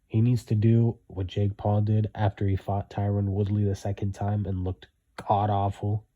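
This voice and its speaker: Blunt low-voiced man, repeats himself. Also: flat delivery, normal speed, warm tone, highs cut off. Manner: blunt, repetitive, emphatic. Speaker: commentator. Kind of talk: opinionated solo commentary.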